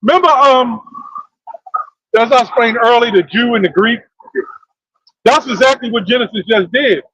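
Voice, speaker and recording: A man leading a casual religious discussion, telling stories in an animated, profane way. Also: very high voice, normal speed, slightly rough, no room sound, poor audio. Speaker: discussion leader.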